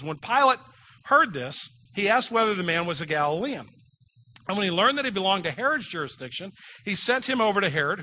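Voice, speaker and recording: A man's voice: a little high, sharp tone, a little hiss or hum. A man preaching a sermon in a conversational way, acting out the quoted lines with dramatic emphasis. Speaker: pastor.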